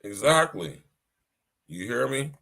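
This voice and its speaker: Man, podcast host, bright voice, preachy and repetitive. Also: mid-range voice, lively intonation, takes it slowly, gravelly. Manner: preachy, repeats himself, addresses listeners directly. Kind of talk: livestream commentary.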